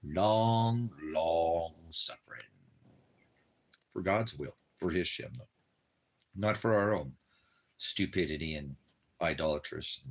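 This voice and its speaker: In a relaxed home-vlog manner from the desert, a man with a very low, husky voice talks in a loose, repetitive way. He speaks a little slowly with long pauses, fawning over his dog in baby-talk and then slipping into preaching about religion.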